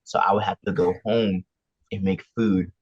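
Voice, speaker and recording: A man's voice: low-pitched, fairly even intonation, moderate pace, darkish tone, slightly rough. A young man guest on a casual podcast, telling his story in a laid-back, joking way. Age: young adult. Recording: dry, dull lo-fi mic.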